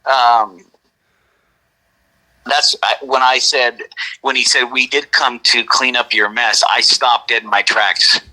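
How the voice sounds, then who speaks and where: Slow, with long pauses, this middle-aged interview guest rambles through the story of his encounter, fixing his own wording and often asking "right?". The mid-range voice is level but sharp in tone, over poor audio.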